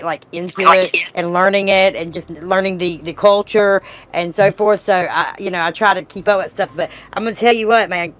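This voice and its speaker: A woman's voice: lowish voice, a bit bright. A middle-aged woman from North Carolina, a guest in casual chat, emphatic and agreeable, with many fillers. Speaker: podcast guest.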